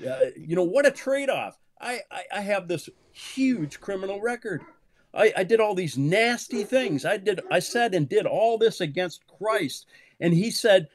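A man in his fifties, a pastor, talking in an animated preaching way, swinging from low murmurs to loud, high exclamations and leaning on "man" for emphasis. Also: unhurried, a little hiss or hum. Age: 50s. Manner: peppers speech with "man", repeats words for emphasis.

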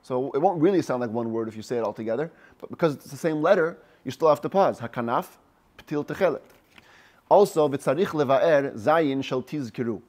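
A man, a rabbi, giving a text study class, reading Hebrew phrases slowly and explaining each one in English. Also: mid-range voice, expressive, a little mellow.

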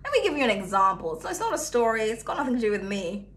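Young woman doing a chatty tarot reading, high bright voice, laughs a lot, goes loud then quiet. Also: sing-song, fast. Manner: chatty, laughs often, swings between loud and hushed. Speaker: tarot reader.

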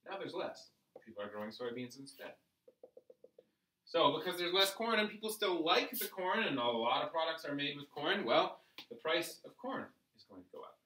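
A man teaching an economics lesson, explaining step by step with rhetorical questions and lively emphasis. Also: mid-range voice, echoey room, distant mic, low-quality recording. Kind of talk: economics lecture while drawing graphs.

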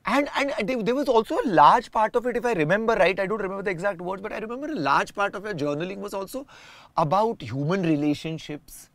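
A man speaks as an interview guest, thinking out loud in long, winding sentences. His voice sits a little high for a man. The recording is dry and close. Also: quick pace, no room sound. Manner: reflective, explains at length with restarts. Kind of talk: casual conversation.

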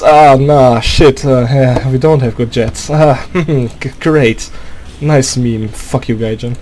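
Speaking extremely slowly in a darkish, medium-pitched voice, a gaming video creator with a German accent delivers an expressive, profane, sarcastic rant about a game, clearly exasperated. English is his second language, and he often pauses to hunt for words. A faint hiss or hum sits under the recording.

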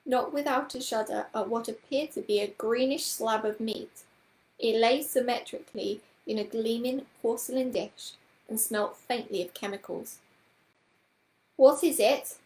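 Woman storyteller, children's book read-aloud, gentle and expressive, slightly high voice, echoey room. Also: unhurried.

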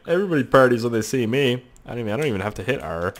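A young man giving joking, excitable let's-play commentary as a gaming YouTuber, swearing a lot as he goes. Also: medium pitch, very fast.

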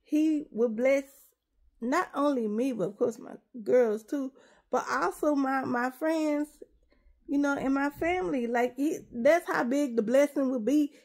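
A woman's voice: high-pitched, unhurried, darkish tone. A middle-aged woman, rambling emotionally to her viewers in a casual confessional vlog, on the verge of tears. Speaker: vlogger.

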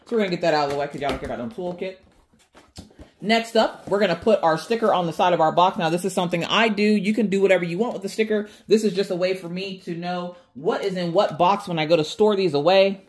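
A woman hosting an unboxing vlog, chatty and excitable, talking straight to her viewers. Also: on the low side, fast. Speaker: craft channel host.

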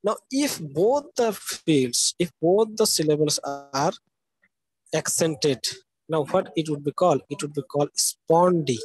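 A man's voice: a little high, animated, measured pace, a little mellow, breathy edge, no room sound, low-quality recording. A man giving a live university lecture. He explains step by step, keeps asking "okay?" and spells out words letter by letter. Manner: explanatory, checks understanding with frequent "okay?".

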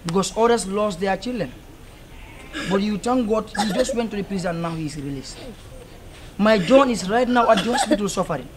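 A man's voice: high voice, normal speed, a crowd in the background, close to an everyday voice. An actor playing a fatherly elder who reassures the families and lectures on heeding elders' advice. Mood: reassuring, lecturing. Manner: moralizing, reassuring, repetitive. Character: fatherly elder preaching to parents and youth. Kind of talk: low-budget film drama. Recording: noisy location audio.

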